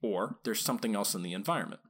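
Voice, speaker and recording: A man's voice: fairly low pitch, expressive, a bit bright, breathy edge. A man hosting a podcast about dog training, talking casually and asking his listeners rhetorical questions. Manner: conversational, asks rhetorical questions, acts out quick quoted lines.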